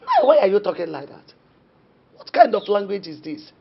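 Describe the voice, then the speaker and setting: A woman's voice: medium pitch, wildly swooping pitch, normal speed, creaky, background noise. An actress with a Nigerian accent playing a worried middle-aged mother who soothes her daughter and scolds her husband. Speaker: mother and wife. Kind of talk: Nollywood film drama. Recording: dull film audio with music behind.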